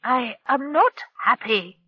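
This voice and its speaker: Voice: sits high, lively intonation, slow pace, husky, dry recording, dull audio, pitched above the performer's own voice, heavily acted. Narrator putting on a fretful old alien male. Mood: sulky. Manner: querulous, complaining. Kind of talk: audiobook character voice.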